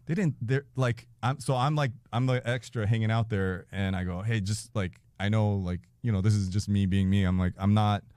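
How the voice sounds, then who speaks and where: A man in his forties telling a story in casual chat as a podcast guest, animated and profane, laughing often and acting out quotes. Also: on the low side, moderate pace, few pauses, no room sound, studio quality.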